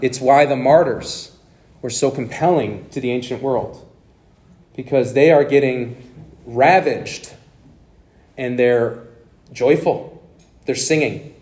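Brief: thirties male preacher, animated sermon voice, chatty asides to the congregation, middle-pitched. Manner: animated, conversational preaching with frequent "okay?" and "right?".

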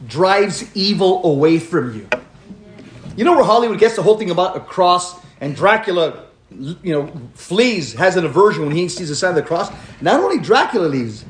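An older man giving a lively sermon as preacher and radio host, telling stories and acting out the voices in them. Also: high-pitched. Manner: animated, acts out quoted voices. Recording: echoey room with faint noise.

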